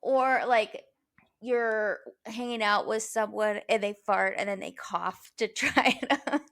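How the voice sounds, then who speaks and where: A woman's voice: mid-range voice, slow, a bit bright. A young woman co-hosting a casual podcast with her sibling, giggly and a little hesitant as she asks silly questions. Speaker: podcast co-host.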